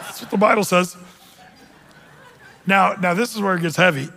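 High-voiced storytelling preacher. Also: male voice, moderate pace, fairly bright tone, in a large hall. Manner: storytelling, jokey asides, acts out voices. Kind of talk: sermon.

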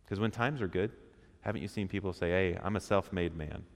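A man's voice: sits low, brisk. A man giving an interactive sermon to a men's church group, conversational and asking the room questions. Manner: conversational, asks the room questions, acts out quotes. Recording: reverberant hall.

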